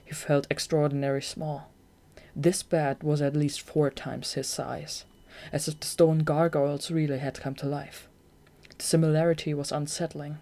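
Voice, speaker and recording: An audiobook reader narrating a fantasy novel chapter in a steady, even storytelling manner. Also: medium pitch, normal speed. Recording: home-recorded audiobook.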